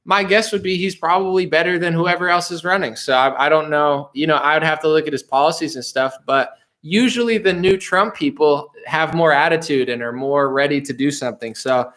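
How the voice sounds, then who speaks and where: Replying to his chat during a casual livestream, a young man speaks a little fast with few pauses, in a slightly high, steady, fairly bright voice. He's rambling and full of laughter, often restarting, mimicking voices, and saying "bro" and "dude."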